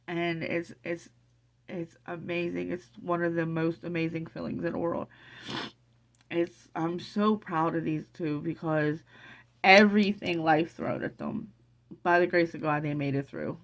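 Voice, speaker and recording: Teary, excited woman with a low voice. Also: unhurried, gravelly. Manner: excited, emotional, rambling with many restarts. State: teary from crying. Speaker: vlogger. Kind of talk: emotional casual vlog.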